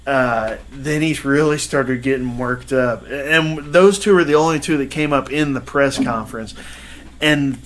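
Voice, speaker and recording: A man with a medium-pitched, somewhat bright voice tells a sports story at an unhurried pace while co-hosting a podcast. The telling rambles casually, thick with "uh" and "you know."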